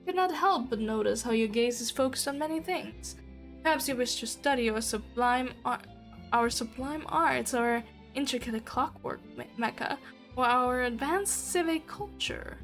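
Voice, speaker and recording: A woman's voice: high voice, normal speed, fairly bright tone, faint music behind. A woman reading the part of a pompous, elegant male noble, in a flowery, formal and condescending way.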